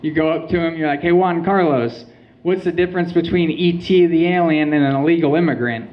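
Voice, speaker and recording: A young man from Michigan doing a stand-up comedy set, telling stories in a deadpan way with quoted asides. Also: a little high, brisk, highs cut off. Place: small venue with a live audience.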